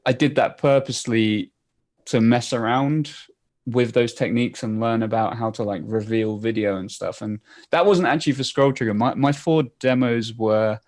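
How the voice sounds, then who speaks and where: A man's voice: medium pitch, steady tone, moderate pace, a little mellow. A man appearing as a guest developer, explaining his coding demos in a casual, rambling way. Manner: rambling, many fillers and restarts.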